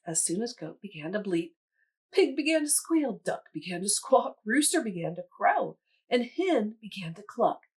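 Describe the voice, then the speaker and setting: A woman museum educator reading a children's storybook aloud in an animated, teacherly way. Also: medium pitch, normal speed, husky.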